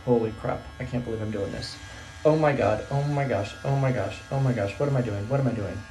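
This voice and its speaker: His voice mid-range, a little fast, and darkish, with slight background noise, a middle-aged male teacher chats to his phone from a bathtub. The bathroom is small, the phone sits propped nearby, and he rambles nervously while exclaiming to himself.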